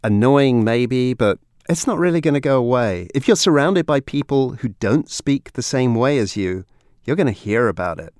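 Lively wry American male presenter. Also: mid-range voice, moderate pace, smooth, no room sound, studio quality. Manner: wry, conversational delivery. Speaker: radio host and reporter. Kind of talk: radio feature presenting.

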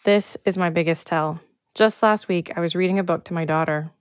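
Low-voiced woman with a soft Texan accent. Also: steady tone, dry recording. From Texas. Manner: measured, storytelling delivery. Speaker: reporter and narrator. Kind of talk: scripted narration.

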